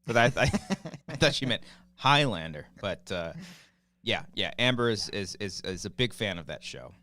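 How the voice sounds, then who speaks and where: A man's voice: fairly low pitch, lively intonation, moderate pace, pushed and bright, dry recording. A man in his thirties co-hosting a podcast, chatting loosely, joking and swearing freely. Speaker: podcast co-host. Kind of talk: casual chat.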